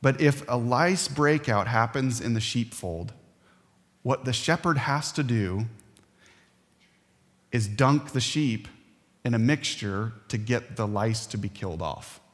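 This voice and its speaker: A man preaches to his congregation in an earnest, emphatic way, leaning on pauses. His voice sits at a middle pitch. It carries a long reverb tail from a large church hall. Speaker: pastor. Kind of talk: sermon.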